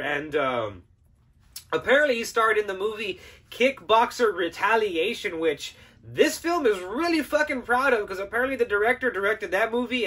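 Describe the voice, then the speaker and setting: A man's voice: high voice, a bit bright, breathy edge. A man hosting a podcast, giving a casual, profane and sarcastic film review with frequent laughter. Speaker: podcast host.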